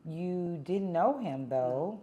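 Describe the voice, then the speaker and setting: A woman interviewer who gently sums up what her guest said and asks follow-up questions. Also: fairly low pitch, animated, slow pace, muffled recording.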